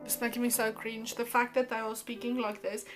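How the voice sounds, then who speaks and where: A woman's voice: fairly high pitch, level tone, fairly quick, over music. A woman vlogger talking casually and emphatically, reacting to comments with exasperation.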